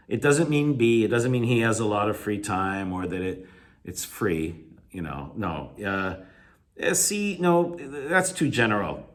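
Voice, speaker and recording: A man with a slightly low voice giving a recorded video lecture to his class. He explains step by step, circles back often with fillers and self-corrections, and leans hard on the key points. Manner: emphatic, encouraging. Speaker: English teacher.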